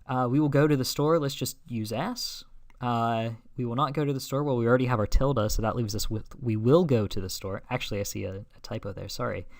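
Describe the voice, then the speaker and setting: Male lecturer, middle-pitched voice, explains steps and tags them with "right?", many fillers. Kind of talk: recorded logic lecture. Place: classroom or recorded lecture.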